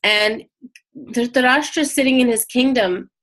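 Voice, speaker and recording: A woman's voice: a little high, moderate pace, fairly bright tone. A woman teaching a casual spiritual lesson, talking conversationally with many fillers and restarts as she retells a story.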